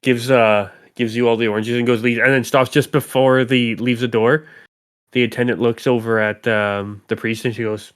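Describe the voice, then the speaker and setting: A man's voice: medium pitch, level tone, moderate pace, clean tone, dry recording, clean studio sound. A man running a tabletop game as game master, narrating scenes with wry, playful asides.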